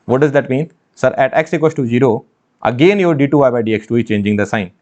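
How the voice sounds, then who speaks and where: A man's voice: mid-range voice, fast, a little mellow. A man teaching engineering maths in an online exam-prep lecture, emphatic, repeating phrases and asking rhetorical questions. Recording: dull lo-fi sound.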